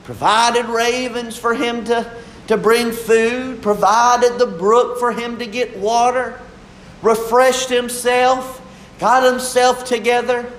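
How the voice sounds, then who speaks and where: A young man preaching a sermon, fervent and drawn-out, moving between soft and emphatic lines. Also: very high-pitched, level tone.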